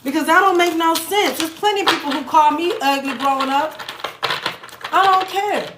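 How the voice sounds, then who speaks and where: A woman's voice: extremely high pitch, normal speed. Blunt, joking woman reading tarot. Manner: blunt, profane, joking asides. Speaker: tarot reader. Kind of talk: casual tarot reading to viewers. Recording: echoey room with faint noise.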